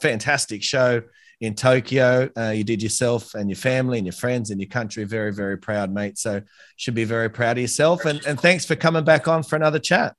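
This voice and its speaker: An Australian man hosts a casual podcast interview, friendly and quick to laugh, calling his guest mate. His voice sits at an ordinary middle pitch and the recording is dry, with little room sound. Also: no echo. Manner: friendly, says "mate" often, laughs easily. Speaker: podcast host.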